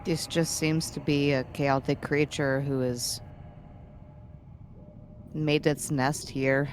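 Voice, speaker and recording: A woman with a fairly low voice plays a tabletop role-playing game. She describes her character's actions and thoughts in the third person. A faint noise sits behind her. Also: level tone, slow, a little mellow. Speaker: player.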